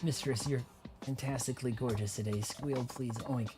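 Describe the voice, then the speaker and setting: Guy doing a squeaky begging client who oinks and grovels, game music behind. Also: fairly even intonation, moderate pace, close to an everyday voice. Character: fawning masochistic middle-aged male client.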